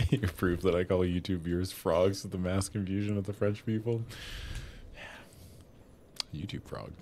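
A man's voice: low-pitched, a little slow, long pauses, darkish tone. A man co-hosting a gaming stream, chatting in a laid-back way and laughing easily. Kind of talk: casual gaming stream banter.

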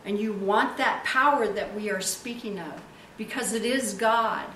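Woman pastor, emphatic sermon and prayer, drawn-out stresses; roomy, distant recording with faint hiss. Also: mid-range voice, bright, forceful tone. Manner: emphatic, stretches key words for effect. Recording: echoey room, distant mic, faint hiss.

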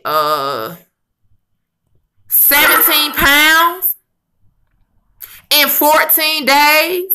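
A woman vlogging casually about her weight loss, chatty and expressive, talking straight to her viewers. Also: high-pitched. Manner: chatty, addresses viewers as y'all and honey; emotional and expressive, rambling with restarts. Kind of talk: casual chat to camera.

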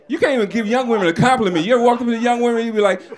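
A man doing a loud, crude stand-up comedy set on a club stage, shouting many punchlines. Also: very high voice, very fast, hardly any pauses. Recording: live stage recording with crowd. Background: audience laughing.

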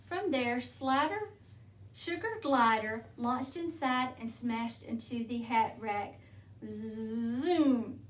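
Woman storyteller, picture-book read-aloud, slow and gentle, mic set back in a roomy space. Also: on the high side, slight background noise. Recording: roomy, from a distance.

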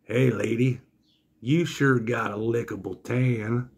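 A man doing a slow, leering carnival drifter. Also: mid-range voice, fairly even intonation, gravelly, a little mellow, husky, heavily acted.

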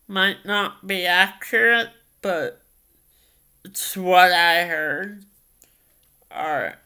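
Very slow, hesitant male vlogger. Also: high voice, pushed and bright, clean tone. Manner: hesitant, many ums and repeated phrases. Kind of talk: casual vlog storytelling.

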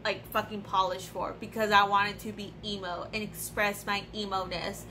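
A woman's voice: medium pitch, normal speed, a little hiss or hum. A young woman casually unboxing beauty products on her vlog, ranting bluntly and swearing freely. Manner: profane, blunt, animated ranting. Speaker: beauty vlogger.

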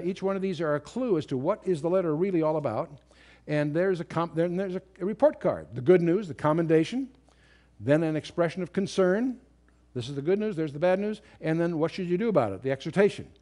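A man's voice: fairly high pitch, dark tone. A man teaching a lecture-style Bible study, explaining point by point and stressing key words. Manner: explanatory, emphatic on key words, some restarts.

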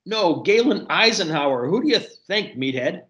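A man's voice: fairly high pitch, very animated, a little fast, dull audio. A man voicing a sassy, flirtatious waitress in her sixties with a drawl. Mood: teasing, brassy. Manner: sassy, teasing, drawling endearments.

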